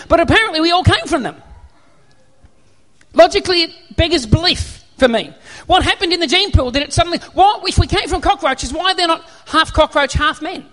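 A man preaching a sermon in an animated, humorous storytelling manner. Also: very high voice. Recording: echoey hall reverb.

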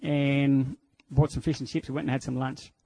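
A man's voice: medium pitch, flat delivery, moderate pace, vocal fry, warm tone, husky, dry recording, low-quality recording. Earnest Australian man giving a testimony. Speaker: preacher sharing personal testimony. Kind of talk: personal testimony sermon.

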